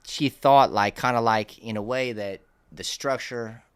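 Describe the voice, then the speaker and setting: A man's voice: medium pitch, measured pace, smooth. A young man telling his life story in a casual interview, in loose street slang with lots of restarts and fillers. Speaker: interview guest.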